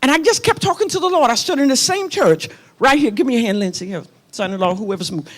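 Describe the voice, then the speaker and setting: A woman's voice: on the high side, expressive, fast. A middle-aged woman pastor preaching a sermon in a church. She tells a personal story with passion and speaks straight to her congregation. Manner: impassioned, personal storytelling, addresses the congregation directly. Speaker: pastor and prophet.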